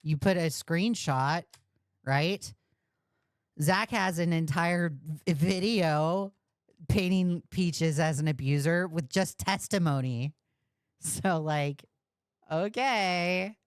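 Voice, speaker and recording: Slow, blunt, mocking woman streamer. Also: low voice, no echo, clean studio sound. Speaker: streamer commenting on a call. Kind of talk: livestream commentary.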